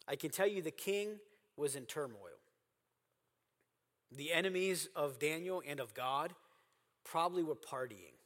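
A man's voice: on the high side, lively intonation, unhurried, long pauses, a bit bright, big-room sound. A man preaching a sermon as pastor, earnest and emphatic, repeating phrases for stress. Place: church sanctuary.

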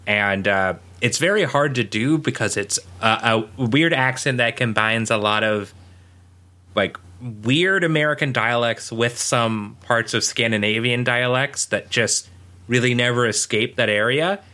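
Man, podcast co-host, bright forceful voice, casual rambling recap, lots of ums. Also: mid-range voice, unhurried. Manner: rambling with many fillers and frequent laughs. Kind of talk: casual chat recapping a show.

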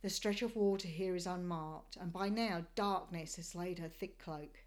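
A woman from Australia giving scripted travel narration of a sailing voyage in a measured, descriptive storytelling manner. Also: fairly low pitch.

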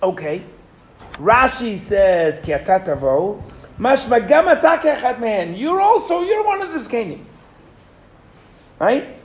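Animated man teaching a Torah class. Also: very high-pitched, measured pace, long pauses. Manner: animated, questions the class, reads Hebrew verses aloud.

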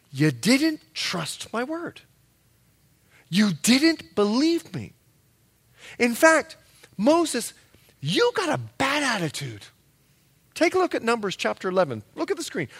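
A male pastor delivers an evening sermon with animated storytelling. His voice sits high for a man and swoops widely, bright and forceful, building to emphatic loud peaks. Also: takes it slowly, long pauses, husky. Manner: animated storytelling with acted-out quotes.

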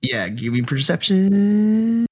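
Man game master for a tabletop game, lively swooping delivery, laughs easily. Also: high voice, slow, breathy edge. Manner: laughs often, animated.

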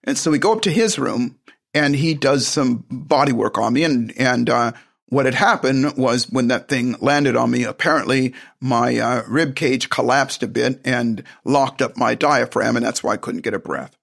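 A man's voice: medium pitch, moderate pace, creaky, fairly bright tone. A man telling a personal story in a casual, rambling way, with frequent restarts and side remarks.

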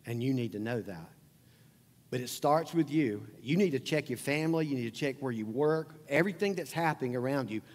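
A man's voice: a little high, darkish tone. Preaching man with hall reverb. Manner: conversational preaching, repeats phrases, emphatic. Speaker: pastor. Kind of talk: sermon. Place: church sanctuary.

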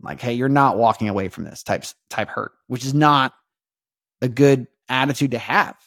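A man hosting a podcast, talking in a rambling, halting way with many restarts and earnest, faith-minded reflection. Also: medium pitch, fairly bright tone, dry recording, clean studio sound. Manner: rambling, halting, repeats words, keeps asking "you know what I mean". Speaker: podcast host. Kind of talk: casual confessional monologue.

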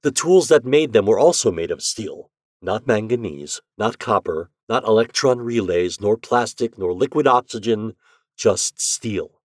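A man reads a dramatic story aloud in a fairly low voice. His telling is steady and builds intensity. The recording sounds close and dry. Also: measured pace, no echo. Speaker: narrator.

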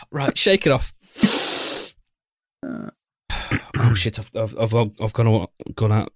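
A man's voice: fairly low pitch, big pitch swings, slow. A man hosting a podcast, mixing casual chat with read-aloud passages, who laughs easily and breaks up mid-read while wearing headphones at a studio mic. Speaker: podcast host.

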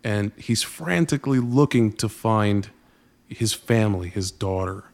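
Male podcast host, low gravelly voice, animated and profane. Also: unhurried. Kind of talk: casual movie recap chat.

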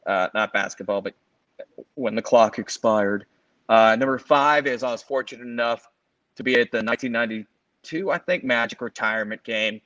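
A man's voice: medium pitch, moderate pace, fairly bright tone, dry recording, lo-fi sound. Rambling man in casual sports chat. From Los Angeles area. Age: 40s. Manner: rambling, self-correcting, fond of fillers. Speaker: podcast co-host.

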